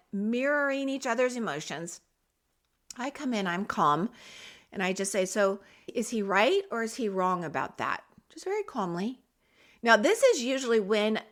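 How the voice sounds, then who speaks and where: A middle-aged woman hosting a parenting podcast who talks straight to the listener in an encouraging, coaching way. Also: on the high side. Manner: warm, coaching tone, direct address to parents. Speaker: podcast host.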